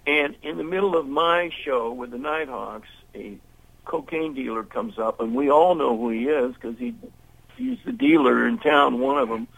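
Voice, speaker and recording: An older man, a musician and interview guest, telling a long anecdote in a lively way and acting out the voices of the people in it. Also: mid-range voice, moderate pace, vocal fry, husky, rough recording. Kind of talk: storytelling in an interview.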